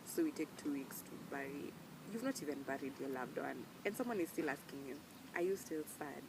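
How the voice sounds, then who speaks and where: A woman's voice: extremely low pitch, expressive, brisk, noisy background. A young woman with a Kenyan accent talking earnestly and emphatically to camera in a casual vlog. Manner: earnest, emphatic, mixes in Swahili slang words. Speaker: vlogger. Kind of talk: casual heartfelt talk to camera.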